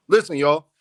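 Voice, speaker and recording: A man with a notably high voice talks straight to his viewers. His manner is playful and teasing, and he breaks into laughter often, the way a casual vlog host would. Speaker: boxing commentary host.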